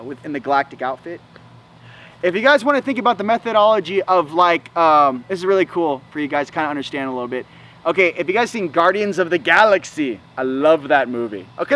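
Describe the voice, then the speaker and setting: A man's voice: a little high, animated, fairly quick, fairly bright tone, rough recording. A young man hosting a spiritual vlog, talking in a loose, slangy way with many "you know"s and "okay"s. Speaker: spiritual channel host. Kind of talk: casual spiritual vlog talk.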